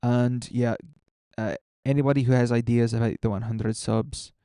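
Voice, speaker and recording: A man's voice: mid-range voice, little pitch movement, moderate pace, dark tone, clear, resonant tone, no room sound, studio quality. A young man streaming a game, rambling casually and answering his chat as he signs off. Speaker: gaming streamer.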